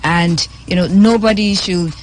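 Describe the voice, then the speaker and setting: This radio host, a woman with a Nigerian accent, talks in an unhurried manner with a voice on the low side. Through a studio microphone she chats and delivers the news, repeating words for emphasis.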